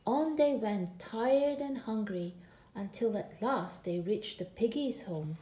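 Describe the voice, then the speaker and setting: A woman reading a children's picture book aloud in an expressive, drawn-out way. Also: a little high. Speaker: storyteller. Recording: echoey room.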